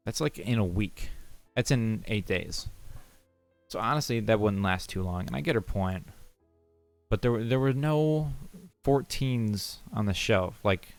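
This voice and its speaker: A man's voice: lowish voice, creaky. A young man live-streaming, chatting casually and rambling through a story with little chuckles.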